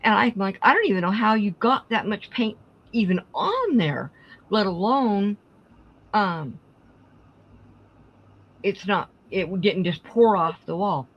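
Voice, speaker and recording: A woman's voice: mid-range voice, sing-song, slow pace, long pauses, lo-fi sound. A middle-aged woman hosting a craft live stream, casually telling family stories and acting out the dialogue. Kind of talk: casual storytelling chat.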